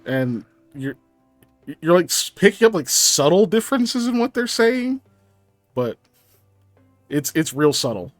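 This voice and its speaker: A man's voice: a little high, sing-song, a little slow, pauses often, no room sound, faint music behind. A man narrating a tabletop game as game master, in a casual way with lots of fillers.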